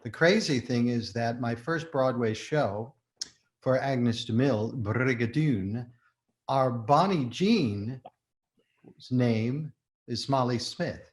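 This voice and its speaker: An older man, a guest in a casual interview, telling stories in an animated way with frequent laughter. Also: medium pitch, takes it slowly. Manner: animated storyteller, laughs often. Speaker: guest, shoemaker and former performer.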